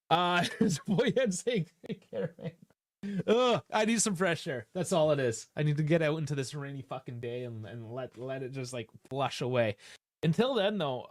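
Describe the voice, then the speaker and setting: A man's voice: medium pitch, no echo, clean studio sound. A man hosting a live football stream, talking in a casual, frustrated and sarcastic way, with plenty of swearing. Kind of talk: casual live-stream post-match rant.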